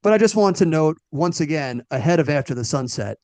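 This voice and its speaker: A man's voice: fairly high pitch, expressive, fairly quick, darkish tone, no echo. A man in his thirties co-hosting a movie podcast, making wry, dry jokes in casual chat. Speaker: podcast co-host.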